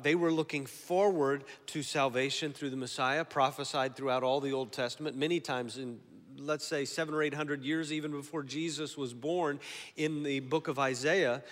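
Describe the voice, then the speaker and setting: A man preaching a sermon in a church, moving between quiet, slow passages and loud, emphatic declarations. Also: mid-range voice. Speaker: pastor. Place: church sanctuary. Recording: long hall reverb.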